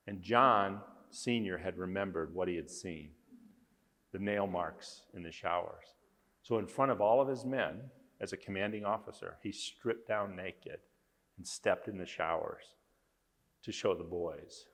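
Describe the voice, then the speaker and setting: A man's voice: deep voice, fairly bright tone, in a large hall. A man speaking as a conference speaker, earnestly telling a story with emphasis. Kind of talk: storytelling talk.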